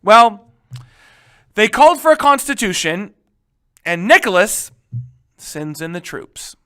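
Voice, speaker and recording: A male history teacher giving a casual, animated lecture, joking and checking in with his students. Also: sits high, slow pace. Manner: animated, joking, keeps asking "right?".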